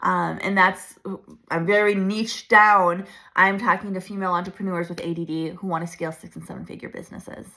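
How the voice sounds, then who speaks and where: A woman in her thirties coaching her viewers in a chatty, animated way, laughing often. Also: on the low side, a little fast. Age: 30s. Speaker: branding coach. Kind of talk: casual coaching talk to camera.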